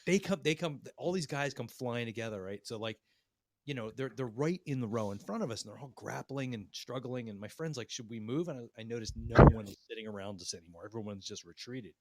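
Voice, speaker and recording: Profane, animated man telling a story. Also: mid-range voice, fairly quick. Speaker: podcast co-host. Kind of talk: casual storytelling chat.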